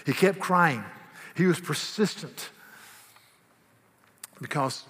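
A man's voice: fairly high pitch, slow pace, a bit bright, in a large hall. A man preaching a sermon, emphatic and repetitive, raising his voice when acting out rebukes. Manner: emphatic, repeats words, raises voice for quoted rebukes. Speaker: pastor.

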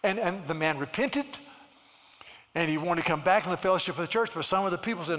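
A man preaching a sermon in a church, animated, often repeating words and acting out the people in his stories. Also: high-pitched, fast, in a large hall. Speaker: pastor.

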